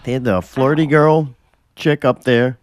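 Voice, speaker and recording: A man co-hosting a podcast, teasing his co-host with quick remarks. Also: mid-range voice, steady tone, no echo, clean studio sound. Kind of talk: casual chat.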